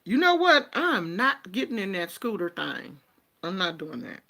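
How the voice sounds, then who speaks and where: A woman's voice: medium pitch, big pitch swings, a little slow, creaky, sharp tone. A woman chatting casually to her viewers, with a Black way of speaking, telling stories and laughing often. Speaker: vlogger.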